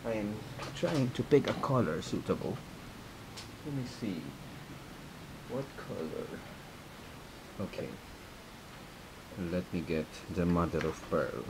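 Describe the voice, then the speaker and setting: A man's voice: low voice, lively intonation, slow pace, vocal fry, long pauses, background noise. A man hosting a casual step-by-step craft tutorial, chatty and laughing often as he repeats his instructions.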